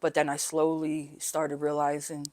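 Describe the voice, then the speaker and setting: A middle-aged woman, a guest on a recovery podcast, telling her story candidly and haltingly, often tagging "right?" and "you know". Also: low voice, completely flat delivery, a little mellow.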